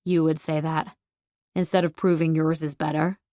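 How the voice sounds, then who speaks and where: A woman voicing a prickly, grumpy young man in an audiobook, gruff and defensive. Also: low-pitched, level tone, normal speed, warm tone, dry recording, clean studio sound, voice pushed down, lightly acted. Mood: grumbling. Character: grumpy young man, prickly rival driving an old truck. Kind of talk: audiobook character voice.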